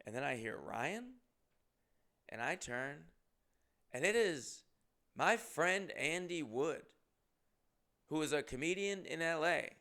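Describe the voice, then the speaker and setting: A comedian from Massachusetts telling a rambling, profane story in a casual way and acting out what people said. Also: male voice, fairly high pitch, vocal fry, a bit bright. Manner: rambling, profane, acts out quotes. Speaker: comedian and podcast host.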